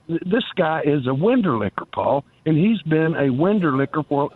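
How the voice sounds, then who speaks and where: A man calls into a radio show and rambles through a folksy, teasing rant. His voice sits fairly high. The phone line is tinny and dry. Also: no room sound. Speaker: caller.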